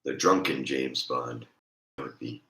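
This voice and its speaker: A hoarse, congested man with a raspy voice, rambling and joking in a casual chat as a streamer. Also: extremely low pitch, slow pace, pushed and bright, reverberant.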